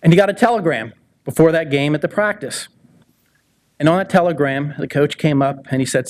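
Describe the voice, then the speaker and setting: Male ceremony speaker, dramatic storyteller, slightly high voice. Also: a little mellow. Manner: dramatic, pausing storyteller with swings in pitch. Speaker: son introducing a hall of fame inductee. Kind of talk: storytelling speech at an induction ceremony. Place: ceremony hall.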